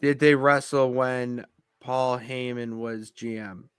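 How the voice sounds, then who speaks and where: A young man co-hosting a wrestling podcast, relaxed, mostly chiming in with short replies. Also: medium pitch, slow, clean tone, no room sound, clean studio sound. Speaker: podcast co-host. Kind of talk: casual chat.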